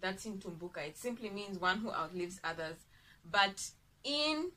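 A woman's voice: lowish voice, normal speed, bright, forceful tone. A young woman from Zambia chatting casually to camera on her vlog, playful and full of asides. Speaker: YouTuber.

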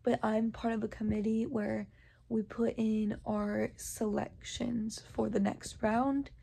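A woman's voice: a little high, level tone, takes it slowly, vocal fry, mellow, a little hiss or hum. A young college woman vlogging about her busy day, chatty and upbeat, often saying "like.". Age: young adult. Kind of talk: casual vlog chat.

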